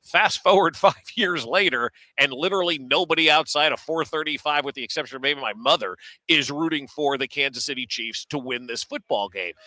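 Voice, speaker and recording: Opinionated sports radio co-host, bright voice. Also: male voice, fairly high pitch, brisk, hardly any pauses, no echo, rough recording. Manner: earnest, opinionated commentary. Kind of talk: casual sports radio chat.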